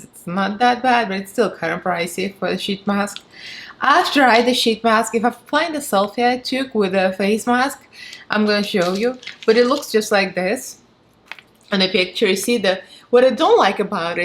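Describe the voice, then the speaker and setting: A woman with a Russian accent giving a chatty, frank and sarcastic product review, laughing often. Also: medium pitch. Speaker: beauty vlogger.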